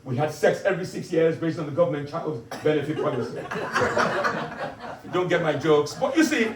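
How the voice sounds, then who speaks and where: A comedian's lightly acted, expressive voice runs a little fast as he plays a boastful self-styled African dictator, booming and commanding while lecturing and teasing his audience. Heavy background noise fills the echoey pub gig room, with a loud crowd and a distant mic.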